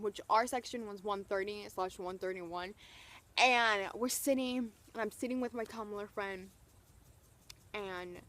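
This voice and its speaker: A young woman vlogger gushing through an excited storytime, full of "like" and retold quotes. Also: medium pitch. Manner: gushing, breathless retelling full of "like".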